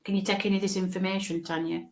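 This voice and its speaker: A woman works through a live mediumship reading, pausing and restarting as she thinks aloud. Her voice sits at an ordinary middle pitch for a woman. The recording carries a noticeable roomy echo. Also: flat delivery. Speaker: psychic medium.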